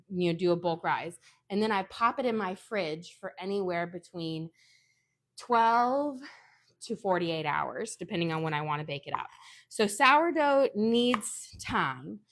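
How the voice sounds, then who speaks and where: A woman's voice: medium pitch, a bit bright. A woman in her home kitchen, chatting casually while she demonstrates a recipe step by step and drifts into family stories. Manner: chatty, instructional, sidetracked into anecdotes. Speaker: home cooking vlogger.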